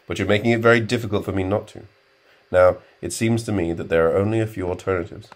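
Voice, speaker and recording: A stern, tired male professor, voiced by a male reader, cold and level in his speech. The voice is very deep and kept quiet and restrained. It is read from an audiobook. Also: fairly even intonation, quick pace, lightly acted. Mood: weary. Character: weary, stern middle-aged male professor.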